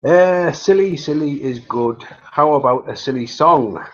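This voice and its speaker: A man's voice: on the high side, unhurried, lo-fi sound. A man chatting casually and jokily on a livestream, rambling and laughing often. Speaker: livestream host.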